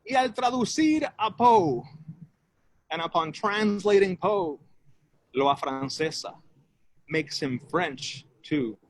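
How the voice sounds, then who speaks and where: A man reading a poem he is improvising, switching languages line by line to translate himself, in halting, drawn-out phrases. He walks around his house and speaks into a phone. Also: high voice, animated. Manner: switches back and forth between two languages line by line, self-translating. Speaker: poet. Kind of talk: improvised bilingual poetry reading. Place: at home, walking around the house.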